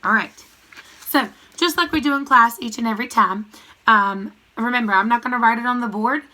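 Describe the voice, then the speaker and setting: A woman teacher leads a recorded grammar lesson, calling out each word and its part of speech in a steady call-and-response rhythm. Her voice is on the high side and her delivery brisk.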